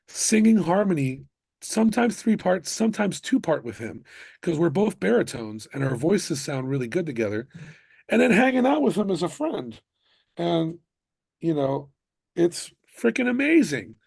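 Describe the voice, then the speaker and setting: Musician guy from the states, gravelly and kinda husky, gets all fired up telling stories in a chatty interview. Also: fairly high pitch, no echo. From United States (Miami). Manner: animated storytelling with bursts of excitement. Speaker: musician guest. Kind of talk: casual interview chat.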